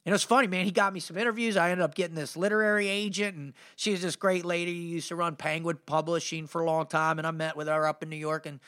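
A man's voice: a little high, fairly even intonation, fast, few pauses, pushed and bright, clear, resonant tone. A middle-aged man hosting a motivational podcast, telling a story in a fired-up, slangy way and saying "man" a lot. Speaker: podcast host and motivational speaker. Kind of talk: energetic storytelling monologue.

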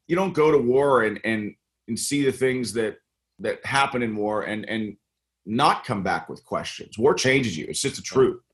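A man's voice: fairly low pitch, a bit bright. A middle-aged American man speaking earnestly in a casual interview as a congressional candidate, with many fillers and restarts. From United States.

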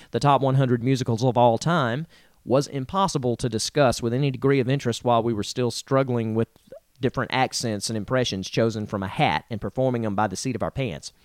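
A man hosting a casual comedy podcast, chatty and quick to laugh. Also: medium pitch, dry recording, clean studio sound. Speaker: podcast host.

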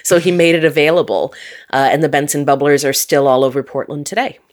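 Guest: deep-toned woman, Upper Midwest accent, chatty and quick to laugh. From North Dakota. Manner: chatty, laughs often, frequent ums. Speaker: guest scientist. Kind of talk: casual interview chat.

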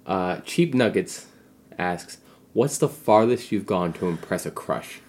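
A man's voice: deep voice, expressive, unhurried, darkish tone. Sarcastic joking man on a podcast. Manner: joking, sarcastic, mock voices. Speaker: podcast co-host. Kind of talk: casual chat.

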